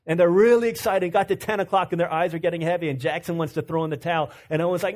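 A man's voice: fairly high pitch, fast talker, hardly any pauses, darkish tone. A man from Virginia preaching a sermon in a conversational, storytelling way, full of restarts and asides to the room.

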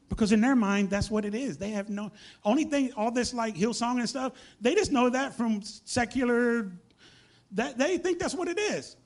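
Man, high voice, animated preacher telling stories. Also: normal speed. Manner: animated storytelling, acts out dialogue. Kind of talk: sermon.

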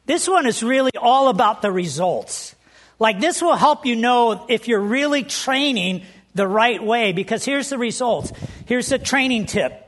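A woman's voice: on the high side, a bit bright. Conversational woman preacher telling stories. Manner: conversational, storytelling, asks the audience. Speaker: pastor. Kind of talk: sermon.

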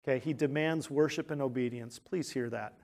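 Speaking a little fast in a mid-range voice, a male pastor delivers an earnest sermon full of rhetorical questions, moving from hushed, quiet moments to loud, emphatic declarations.

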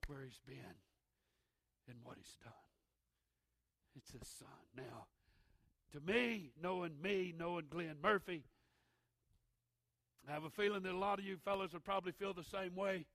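A middle-aged man preaching a sermon, swinging from shouted preaching to hushed intensity, with a gravelly voice. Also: high-pitched, no room sound. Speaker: pastor.

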